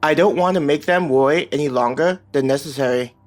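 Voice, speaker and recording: Audiobook leader line, level-headed and practical narrator-voiced. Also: male voice, fairly high pitch, brisk, soft background music, lightly acted. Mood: urgent.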